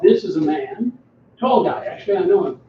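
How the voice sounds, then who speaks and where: A man's voice: sits high, very animated, normal speed, slight background noise. A man in his seventies from the American South, giving an after-dinner talk with slides and wry, self-deprecating humor. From Southern US (Alabama). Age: 70s. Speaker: guest speaker. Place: banquet hall. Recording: distant, echoey hall, muffled sound.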